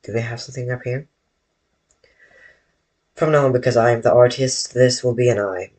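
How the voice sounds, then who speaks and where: A man's voice: mid-range voice, steady tone, darkish tone. A man drawing on a live stream from his bedroom, rambling to his viewers and often correcting himself. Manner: slow, rambling, self-correcting, talks to chat. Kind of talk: casual live-stream chat while drawing.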